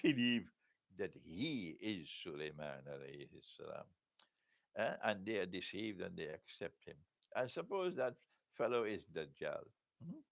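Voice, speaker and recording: Older man, religious lecture, lively pitch, dry close sound, rhetorical questions. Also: vocal fry, dry recording. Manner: chuckles often, asks rhetorical questions. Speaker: Islamic scholar giving a Q&A lecture.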